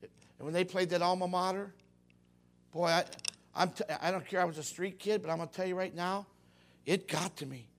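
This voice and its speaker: A middle-aged preacher with a high voice for a man. He preaches in a folksy, animated way, acting out the voices of the people he talks about. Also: normal speed, pauses often, a little hiss or hum. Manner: folksy, animated, acts out quotes. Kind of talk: sermon.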